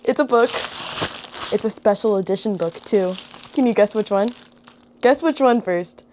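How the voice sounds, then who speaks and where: A young adult woman, chatting casually to camera as a book vlogger, emotional and quick to laugh, with thoughts that trail off. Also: mid-range voice, a little mellow, slight background noise. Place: home room.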